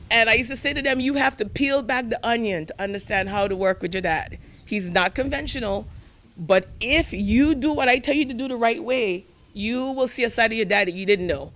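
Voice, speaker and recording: Fiftyish widow telling stories in a eulogy. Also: female voice, medium pitch, a little fast, slight background noise. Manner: warm, anecdotal, fighting back tears. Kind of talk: personal eulogy, storytelling.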